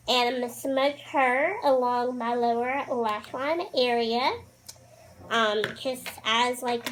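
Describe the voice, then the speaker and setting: A woman's voice: high voice, noisy background. A young woman chatting casually through a makeup tutorial, bubbly and gushing, with lots of fillers. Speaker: beauty vlogger.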